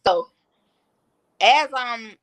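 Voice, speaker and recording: A woman's voice: a little high, very slow, a bit bright, clear, resonant tone. A woman guest on a podcast, candidly recounting a personal story in blunt, slangy, matter-of-fact talk.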